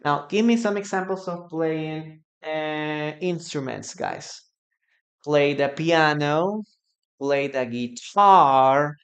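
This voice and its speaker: A man with a Peruvian Spanish accent, a native Spanish speaker, runs a live English lesson online. He speaks at an unhurried, deliberate pace and repeats each phrase for his students, reacting to their comments as they come in. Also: on the high side, fairly bright tone. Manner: repeats phrases slowly for practice, answers viewers' comments. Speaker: English teacher.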